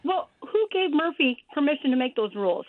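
Calling a radio show by telephone, this woman in her fifties speaks briskly in a high voice with big pitch swings. She rambles chattily and laughs as she goes, over a tinny phone line in a dry recording.

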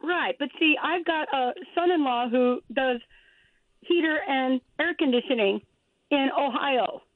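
A woman in her fifties phones in to a radio show, rambling and chatty and laughing as she talks. Her high voice is unhurried, coming through a tinny phone line with no room sound.

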